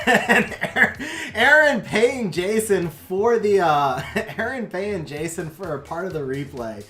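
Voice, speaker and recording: A game streamer doing excitable play-by-play commentary on a match replay, then chatting casually with viewers. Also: mid-range voice, echoey room.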